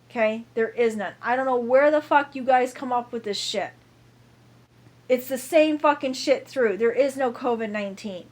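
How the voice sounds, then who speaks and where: A woman's voice: on the high side, a bit bright. A woman ranting to camera in a heated, profane monologue, repeating herself over and over.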